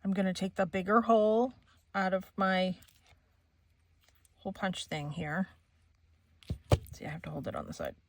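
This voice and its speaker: A woman's voice: mid-range voice, expressive, normal speed, long pauses, slight background noise. A middle-aged woman hosting a crafting channel, chatting casually and laughing often as she tells a story while she works. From Maine, USA.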